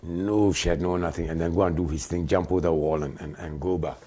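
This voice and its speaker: A man co-hosting a radio talk show, playful and quick with puns and long funny anecdotes. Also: sits low, fairly even intonation, dark tone. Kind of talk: casual storytelling chat.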